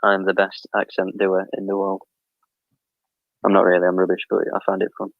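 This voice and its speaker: A playful Englishman with a low, rough, crackly voice. He jokes about himself and keeps the banter light. The sound is dry, with no room around it. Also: completely flat delivery, brisk, no room sound, phone-quality sound. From England. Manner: jokey, self-mocking. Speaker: guest on a live audio show. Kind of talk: casual chat, playful accent impressions.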